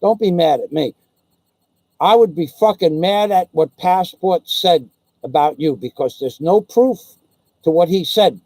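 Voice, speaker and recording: A man's voice: sits high, warm tone, no echo, poor audio. A man hosting his own video channel, ranting in a crude, rambling way full of swearing. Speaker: YouTube vlogger. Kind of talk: profane comedic rant.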